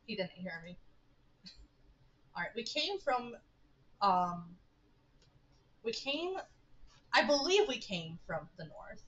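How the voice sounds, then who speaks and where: A woman's voice: a little high, big pitch swings, slow, long pauses, a bit bright, muffled recording. A young woman streaming a game, chatting playfully with viewers and giggling between lines. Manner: giggly, playful, reads game text aloud. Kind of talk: casual live-stream commentary.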